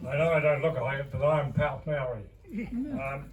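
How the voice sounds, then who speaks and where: A man with a New Zealand accent speaking earnestly from the audience at a public meeting, halting at times. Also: fairly high pitch, steady tone. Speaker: audience member. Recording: distant mic with faint noise.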